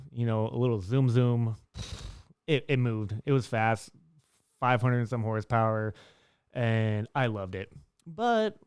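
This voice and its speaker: A young male vlogger gives life advice in a casual monologue to camera, rambling with restarts and fillers. He's a lively storyteller whose smooth voice lifts and whose pitch jumps up when he acts out dialogue. The sound is studio quality with no echo.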